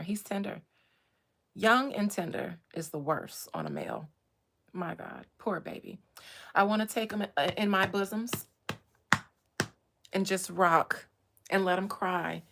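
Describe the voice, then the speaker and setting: Gravelly woman just chatting, goes quiet then suddenly loud, super animated. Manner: animated, swings from low murmur to loud bursts. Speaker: host. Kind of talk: casual chat reading astrology and gossip.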